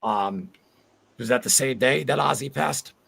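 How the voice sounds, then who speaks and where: A man's voice: mid-range voice, measured pace, gravelly, a bit bright, husky. A man in his forties hosting a casual livestream chat, rambling and heartfelt as he reads viewer comments aloud. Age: 40s. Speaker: livestream host.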